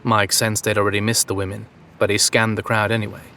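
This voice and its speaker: A man reading a story aloud in a steady, measured narration. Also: on the low side. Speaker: audiobook narrator. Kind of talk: scripted narration.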